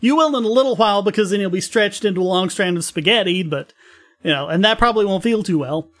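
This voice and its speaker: A man's voice: high-pitched, quick pace, a bit bright. A man co-hosting a casual science podcast, explaining a physics story at length and laughing easily.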